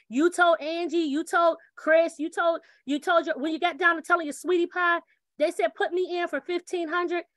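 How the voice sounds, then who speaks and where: A woman presenting a referral program in an energetic sales pitch, who acts out little dialogues and keeps repeating catchphrases. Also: no echo, studio quality.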